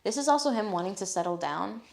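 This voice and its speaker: A woman's voice: mid-range voice, quick pace, gravelly. A woman giving a live tarot reading, talking in a casual, blunt way and swearing freely. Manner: reads card messages aloud in a steady voice. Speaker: tarot reader.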